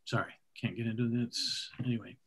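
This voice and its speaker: A man's voice: mid-range voice, flat delivery, brisk. A middle-aged man hosting a comedy show, rambling with self-deprecating asides. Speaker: show host.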